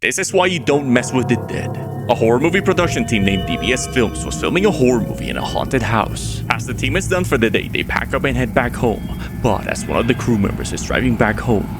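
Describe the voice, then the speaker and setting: A man giving scripted narration for a scary video countdown, in a steady, measured storytelling delivery. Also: medium pitch. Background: loud background music.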